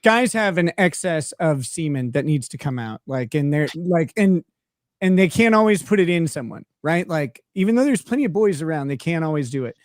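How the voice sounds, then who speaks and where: A man's voice: a little high, lively intonation, normal speed, dry recording, studio quality. A man hosting a podcast, telling crude joking stories in casual chat over a streaming setup. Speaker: podcast host. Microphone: streaming call setup.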